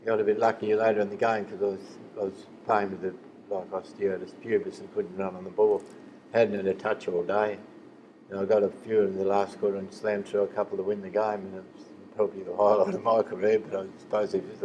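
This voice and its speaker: A man's voice: on the low side, a little mellow, slight background noise, low-quality recording. A man in his seventies with an Australian accent, a former footballer telling rambling stories in a casual interview and acting out the voices he quotes. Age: 70s. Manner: rambling yarn-teller who acts out quoted voices.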